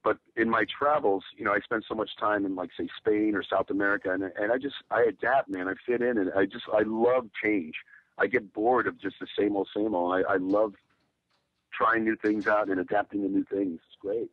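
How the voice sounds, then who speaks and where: A man's voice: lowish voice, fairly even intonation, brisk, no echo, narrow, tinny audio. A man from the United States, a guest in a casual interview, telling stories in a laid-back, rambling way.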